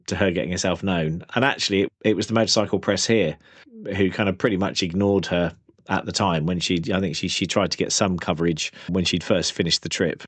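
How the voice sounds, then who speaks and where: A man telling a story in a relaxed, conversational way, often hedging with small fillers. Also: low-pitched, no room sound. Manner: relaxed, hedges with "kind of".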